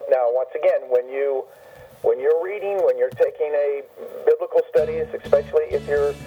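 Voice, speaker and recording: A man on a radio phone-in patiently explaining the Hebrew alphabet, slowly repeating and spelling out each letter. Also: on the high side. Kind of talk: patient spoken lesson on a radio call. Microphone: telephone. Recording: dull lo-fi phone line with faint music.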